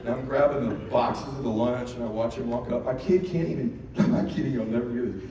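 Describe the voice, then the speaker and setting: A middle-aged man giving a motivational keynote on stage, telling a story in an animated, profane way and acting out the dialogue. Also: medium pitch, fast, dull audio. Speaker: keynote speaker. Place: large event hall on stage. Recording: echoey hall from far off with noise.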